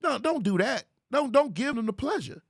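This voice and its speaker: Animated man with lively high voice. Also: normal speed, vocal fry, dry recording, studio quality. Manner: animated, mocking, laughing often; swings into high squeals when ridiculing. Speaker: host. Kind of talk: commentary on viral clips.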